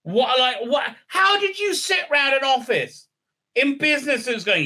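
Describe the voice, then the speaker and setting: Sarcastic, sharp-voiced male reviewer. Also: very high-pitched, expressive, measured pace. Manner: sarcastic, profane, stammering fillers. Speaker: show reviewer. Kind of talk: ranting recap commentary.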